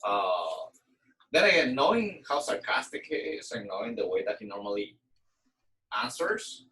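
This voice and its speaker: A man's voice: fairly low pitch, sing-song, moderate pace, pushed and bright, distant mic, poor audio. A man in a casual chat who explains his views in a matter-of-fact way.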